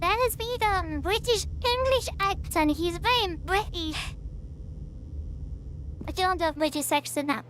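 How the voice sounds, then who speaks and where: A woman streamer giving casual gaming commentary in a giggly, halting way with frequent restarts. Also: extremely high pitch, fairly bright tone, a little hiss or hum.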